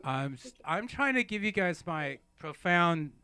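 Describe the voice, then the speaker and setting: A man's voice: big pitch swings, unhurried, bright, forceful tone, clean tone, no room sound. A male host of a comedic variety show, rambling with many hesitations in a mock-solemn way. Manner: rambling, hesitant, mock-solemn, breaks into high laughing apologies. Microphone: studio microphone.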